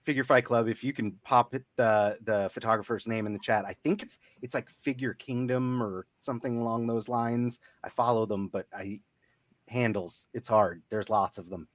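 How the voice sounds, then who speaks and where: A man's voice: medium pitch, steady tone, normal speed, no room sound. A man co-hosting a casual livestream, rambling with hesitant restarts. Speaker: podcast co-host.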